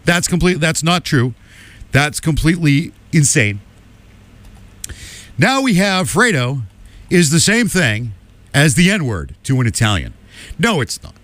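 A man's voice: on the high side, sing-song, a little slow, pauses often, fairly bright tone, no echo. A man hosting a radio talk show, delivering a combative opinion monologue with emphatic asides. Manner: combative, emphatic, keeps asking "okay?".

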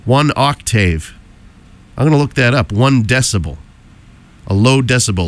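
Hoarse rambling radio DJ man. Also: on the low side, lively intonation, moderate pace, slight background noise. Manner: rambling, chatty, jokey asides. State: hoarse from a cold. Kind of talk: casual on-air chat. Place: radio station studio.

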